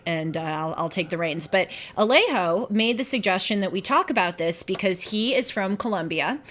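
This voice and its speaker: A young adult woman hosting a talk show, chatting casually and giving her opinions with quick asides. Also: mid-range voice, a bit bright. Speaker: show host.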